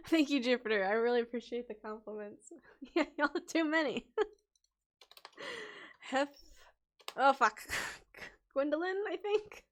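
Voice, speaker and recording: High-voiced giggly woman reading names. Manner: giggly, distracted, stumbles over names while scrolling chat. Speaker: livestream host and storytelling bard. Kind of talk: casual livestream chat, reading viewer names aloud.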